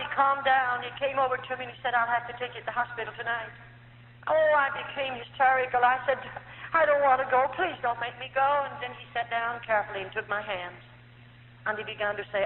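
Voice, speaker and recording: A middle-aged woman from the United States telling her life story as a personal testimony, earnest, her voice rising and falling with feeling. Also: mid-range voice. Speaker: former nun giving testimony. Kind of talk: emotional personal testimony to an audience. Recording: tinny lo-fi archive tape in an echoey hall, faint hum.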